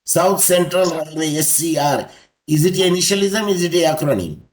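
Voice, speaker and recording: A man teaching an online law class, explaining slowly and spelling out letters one by one. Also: a little high, animated. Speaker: law lecturer. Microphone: video call.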